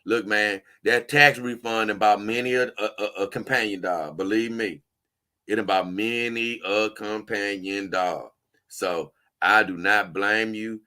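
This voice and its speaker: A man with a fairly low, bright, forceful voice vlogs about doll collecting, answering viewer comments a little slowly in a steady tone. He's emphatic and repetitive, uses slang, and keeps stumbling over words and restarting.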